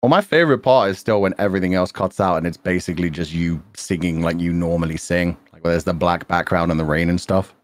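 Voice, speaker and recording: A man's voice: deep voice, quick pace, hardly any pauses, no room sound, studio quality. A man chatting casually on a stream, emphatic and teasing, swearing freely as he hypes up his co-host.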